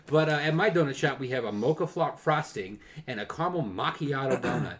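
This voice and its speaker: A young man co-hosting a casual podcast, ranting and telling stories in an animated way that swings from low mutters to loud bursts. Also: fairly quick, hardly any pauses. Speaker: podcast co-host. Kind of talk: casual chat.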